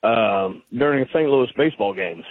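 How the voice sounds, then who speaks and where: A man's voice: mid-range voice, lively intonation, normal speed, a little hiss or hum. A man calling in to a radio show, arguing his point with hesitant fillers. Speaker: radio caller. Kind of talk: phone-in conversation. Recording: phone line.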